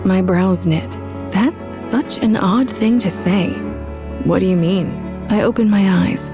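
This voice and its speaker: Young woman reading a romance audiobook, soft and breathy-close, a bit of fry, music under it. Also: medium pitch, unhurried. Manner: soft, intimate and reflective. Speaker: narrator. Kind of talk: first-person audiobook narration. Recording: with background music.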